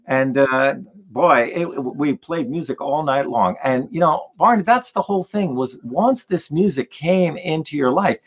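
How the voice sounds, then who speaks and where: A man telling stories in conversation as a guest musician, animated and acting out the voices of the people in them. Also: fairly high pitch, unhurried. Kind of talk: storytelling in a conversation.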